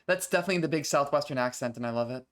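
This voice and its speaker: A woman's voice: extremely low pitch, rapid-fire. A woman streaming a visual novel live, chatting and laughing as she reacts. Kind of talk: live game commentary.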